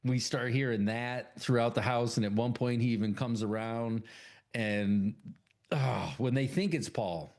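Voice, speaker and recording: A man's voice: mid-range voice, a little slow, darkish tone. A man co-hosting a casual podcast, eagerly retelling film scenes, swearing often and acting out characters' lines. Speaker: podcast co-host. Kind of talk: casual chat.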